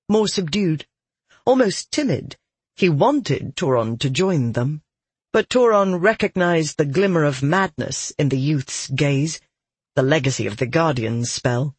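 Husky, slow male audiobook narrator. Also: on the high side, lively intonation, dry recording. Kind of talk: scripted fantasy narration.

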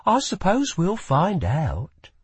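A man's voice: sits high, wildly swooping pitch, slow, slightly rough, no echo, voice pushed up, full character voice. A man voicing a wary young woman thief in an audiobook, with cool, mocking retorts. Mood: guarded, mocking. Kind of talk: audiobook character voice.

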